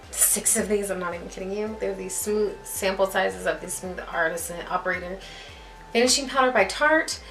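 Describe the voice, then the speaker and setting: A woman's voice: medium pitch, bright, forceful tone. Chatty young woman vlogger in an echoey room. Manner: chatty, self-deprecating, laughs at herself. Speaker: beauty vlogger. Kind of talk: casual rambling chat to camera. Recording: echoey room with faint music.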